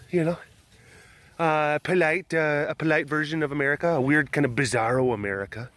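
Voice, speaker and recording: A man's voice: on the high side, fairly even intonation, brisk, a bit bright. A man vlogging casually outdoors by animal enclosures, rambling and joking with plenty of fillers. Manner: rambling, jokey, loose with fillers. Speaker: vlogger at a big cat sanctuary. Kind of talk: casual outdoor webcast chat. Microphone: handheld or camera microphone catching wind.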